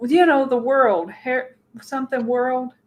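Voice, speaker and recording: A woman's voice: high voice, measured pace, darkish tone. A woman in her thirties co-hosting a casual chat, rambling through stories, laughing often and swearing freely. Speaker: co-host.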